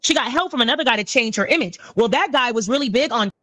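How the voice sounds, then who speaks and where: A woman's voice: fairly high pitch, lively intonation, quick pace, a bit bright, no room sound. A woman on a reaction panel telling gossip in a casual, storytelling way.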